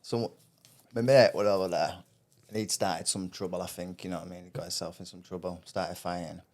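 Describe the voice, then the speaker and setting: A man's voice: deep voice, level tone, brisk, a little mellow. A man, co-hosting a podcast and telling a laid-back, rambling story in casual chat. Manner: rambling, laid-back storytelling, frequent 'you know what I mean'. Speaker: podcast co-host.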